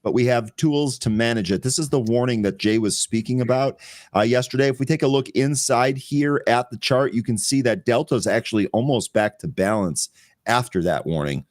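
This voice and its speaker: A man's voice: mid-range voice, a little mellow. Chatty man hosting live market commentary. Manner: reads headlines aloud and checks charts while chatting; chatty, quick to laugh. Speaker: host of a pre-market trading show.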